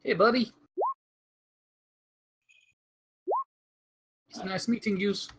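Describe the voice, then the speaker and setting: A tabletop player voicing a goofy, rough-talking adventurer who mangles his grammar. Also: medium pitch, steady tone, fairly quick, slight background noise, lightly acted. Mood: friendly. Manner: mangled grammar, friendly drawl.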